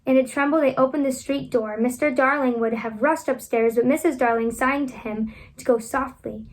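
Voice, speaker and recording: A woman reading a children's classic aloud at home, expressive and animated, lifting her voice for the children's lines. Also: high-pitched, moderate pace. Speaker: reader.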